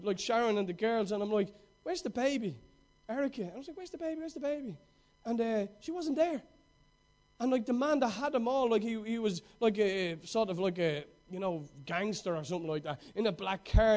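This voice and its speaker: A middle-aged man delivers a passionate sermon full of stories, his very high-pitched voice swinging from loud outbursts to hushed moments.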